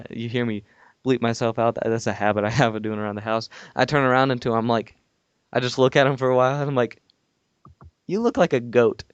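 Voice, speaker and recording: A man's voice: mid-range voice, flat delivery, quick pace, smooth, no echo, lo-fi sound. A young man, a podcast co-host, telling a long rambling story in casual talk with many restarts, calling in from home. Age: young adult. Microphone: call-in from home.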